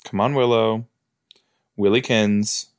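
His voice sits on the low side, smooth and slow with a fairly even intonation. As a podcast host watching an episode, he reacts in a casual, joking way, chatty and thinking out loud with fillers.

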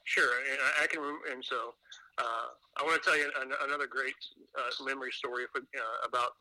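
A man's voice: mid-range voice, fairly even intonation, a little fast, pushed and bright, no echo, rough recording. A man chatting as a podcast guest, telling rambling stories full of fillers and restarts. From Indiana. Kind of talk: casual chat.

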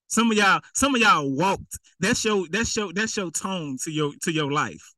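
A man preaching a casual, playful sermon, slipping into slangy voices to act out the people in his story. His tone is bright and forceful, a little higher than most men's, and the sound is close and dry with no room echo. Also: lively intonation, moderate pace. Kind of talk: conversational sermon.

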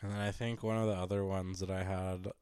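A man's voice: sits low, little pitch movement, fast, a little mellow, clean tone, no echo. A young adult man, a comedian co-hosting a podcast, joking in a laid-back, dry way. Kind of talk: casual podcast chat.

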